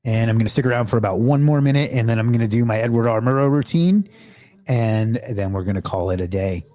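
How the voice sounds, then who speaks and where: A man's voice: medium pitch, fast talker, mellow. A man with a mid-range voice hosts a live stream. He talks casually and chattily to his viewers, thanking them and asking them to subscribe.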